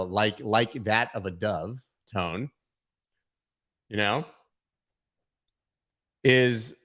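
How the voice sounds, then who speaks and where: A man's voice: medium pitch, bright, forceful tone. A man hosting a casual market livestream, talking loosely with jokes and rambling asides. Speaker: host of a crypto market livestream.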